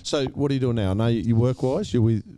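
Fast-talking host. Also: male voice, mid-range voice, warm tone, slight background noise. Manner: quick, chatty questioning. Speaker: podcast host. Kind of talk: casual interview.

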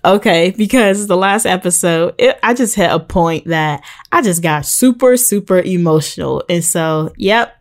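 A young woman hosts her podcast in a chatty, casual way, with a voice that sits a little low for a woman. She speaks to listeners directly and slips into preachy, sarcastic asides. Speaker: podcast host. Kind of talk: casual faith-based podcast talk.

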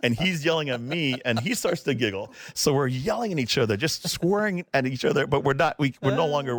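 A middle-aged man, a hockey video coach, telling animated, laughing anecdotes as a guest in a casual interview. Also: mid-range voice, no echo, clean studio sound.

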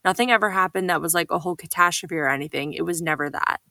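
Bright, gravelly-voiced gossiping woman. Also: on the low side, fast talker, no room sound. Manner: animated, gossipy, swears casually. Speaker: podcast co-host. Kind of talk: casual chat about reality TV.

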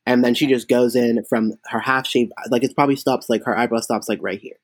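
A man's voice: mid-range voice, fairly quick, no room sound. Chatty drag queen man, dry sound. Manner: chatty, animated anecdotes with many fillers. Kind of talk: casual interview storytelling.

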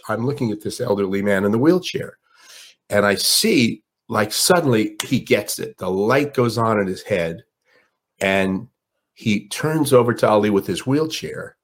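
An older man, a guest on an interview show, telling a story in a dramatic, animated way. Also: on the low side. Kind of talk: storytelling in conversation.

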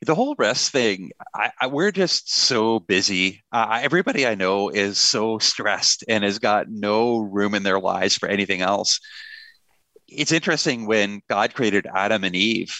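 A man's voice: fairly low pitch, animated, a little slow, bright, forceful tone, no room sound. A middle-aged man, a pastor and author, talking earnestly in a conversational interview with a touch of self-deprecating humor.

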